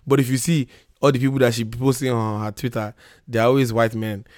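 A man's voice: medium pitch, little pitch movement, a little fast, a little mellow, no room sound, clean studio sound. A man hosting a casual call-in podcast, sick and losing his voice, joking and rambling with laughs. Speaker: podcast host.

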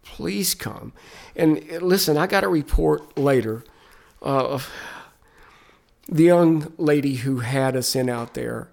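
A man's voice: medium pitch, unhurried, vocal fry, darkish tone. A man, a Christian musician, telling stories in a podcast interview with an earnest, emphatic, preacher-like cadence.

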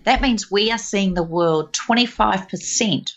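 A woman speaking as a guest, telling everyday stories in an animated, expressive way. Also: medium pitch, unhurried, muffled recording. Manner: animated, expressive storyteller who slips into voices. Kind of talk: casual conversational storytelling.

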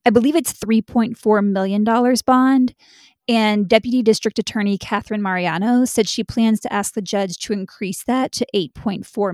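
A woman's voice: medium pitch, darkish tone, no echo, studio quality. A young adult woman co-hosting a true crime podcast, talking casually and bluntly, swearing freely. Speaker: podcast co-host.

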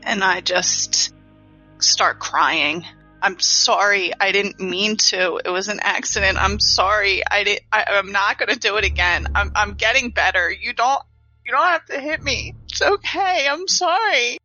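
A woman's voice: medium pitch, moderate pace, sharp tone, highs cut off, faint music behind. Woman pleading tearfully in character. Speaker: player. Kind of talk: emotional in-character role-play.

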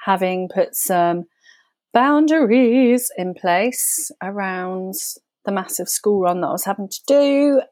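A woman's voice: medium pitch, expressive, slow, a little mellow, no echo, studio quality. A woman co-hosting a podcast, talking candidly and rambling with giggles. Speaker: podcast co-host. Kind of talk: casual podcast chat.

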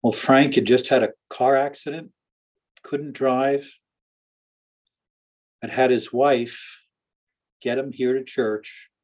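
A man's voice: medium pitch, fairly even intonation, slow, pauses often, a little mellow. A man who is a pastor, telling personal stories in an interview in an earnest, anecdotal way. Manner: earnest, anecdotal, with laughs and restarts. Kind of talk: storytelling in an interview.

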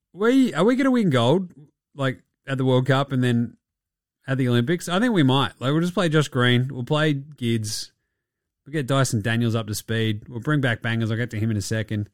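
A man's voice: medium pitch, no echo, studio quality. A young Australian man hosting a casual sports podcast, blunt and laid-back, swearing freely. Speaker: podcast host.

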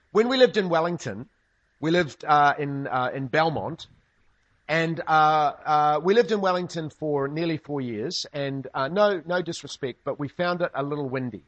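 A man's voice: a little high, normal speed, lo-fi sound. A man preaching a sermon, telling stories with humorous asides. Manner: humorous storytelling, lively asides. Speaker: pastor.

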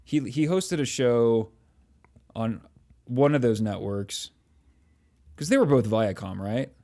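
A man's voice: mid-range voice, expressive, slow, mellow. A man co-hosting a casual podcast, rambling, swearing often and trailing off while hunting for names. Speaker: podcast co-host. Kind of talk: casual chat.

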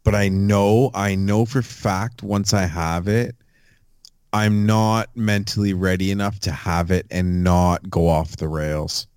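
A male podcast co-host with a very deep voice talks in a laid-back, profane way. The sound is dry and close to the mic, with no room behind him. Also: fairly even intonation, slow pace, darkish tone, smooth, no echo. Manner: profane, laid-back banter with sports betting picks. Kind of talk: casual chat.

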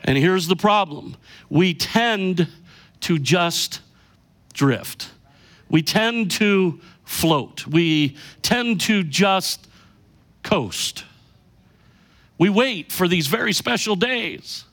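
A middle-aged pastor preaching a sermon with emphasis, slowing down to stress key lines. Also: male voice, sits high, animated, a bit bright.

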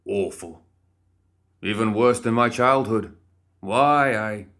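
A man's voice: deep voice, moderate pace, fairly bright tone. A man voicing a boastful, condescending undead man who is only a severed head, in a storybook reading. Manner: smug and boastful.

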